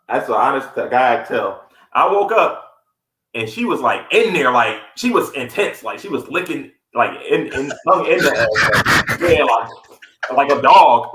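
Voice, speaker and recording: A man co-hosting a podcast, telling a story in casual chat and acting out the quotes with a raised voice. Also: mid-range voice. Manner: animated, acts out quotes in a raised voice. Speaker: podcast co-host. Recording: echoey room.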